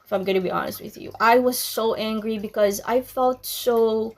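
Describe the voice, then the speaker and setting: A woman's voice: on the high side, fairly even intonation, moderate pace. A young woman from the Philippines telling a personal story to her viewers, candid and chatty, full of ums and likes. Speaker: vlogger. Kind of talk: casual storytelling to camera.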